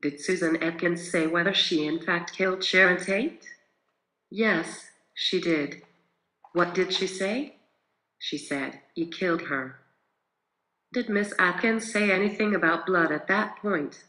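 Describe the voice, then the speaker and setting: A man reenacting a courtroom closing argument, reading questions and answers from a court transcript in one steady voice. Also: high-pitched, measured pace, roomy sound, low-quality recording.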